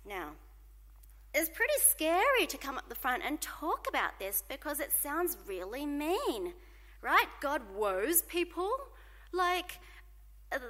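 A woman preaching a sermon in an animated way, asking the congregation to call out responses, in a church hall. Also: high voice.

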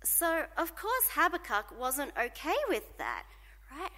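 A woman preaching a sermon in an animated way, asking the congregation to call out responses, in a church hall. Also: sits high, slow pace.

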